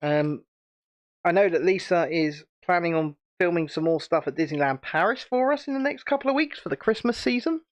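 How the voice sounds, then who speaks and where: A man's voice: on the high side, lively intonation, a little fast. A British man hosting a casual livestream chat, chatty and rambling, and laughing often. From United Kingdom. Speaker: channel host.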